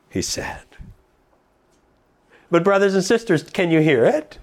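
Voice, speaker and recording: A man preaching a sermon, reading scripture slowly and with emphasis, then explaining it to the congregation. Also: high voice, very animated.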